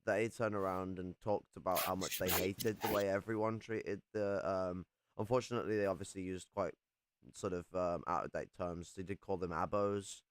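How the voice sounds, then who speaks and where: A man's voice: sits low, steady tone, moderate pace. A young man from England in casual chat, rambling and swearing a lot as he talks.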